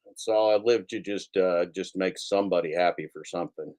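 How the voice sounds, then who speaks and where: A man talks loosely into his livestream, swearing freely and circling back over the same lines with self-mocking humor. His voice sits a little low. The talk is casual and unscripted, from a home computer setup. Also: a little fast, a little mellow. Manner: profane, self-mocking, rambling with repetitions. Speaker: livestream host.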